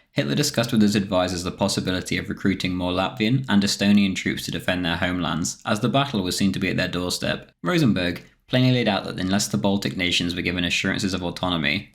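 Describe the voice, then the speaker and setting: Deep-voiced man narrating history. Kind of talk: scripted documentary narration.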